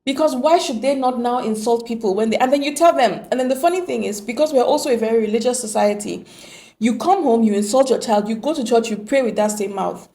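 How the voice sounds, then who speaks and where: A woman's voice: fairly high pitch, fast talker, mellow. A woman giving an earnest, emphatic motivational monologue on relationships, full of rhetorical questions. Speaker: relationship speaker.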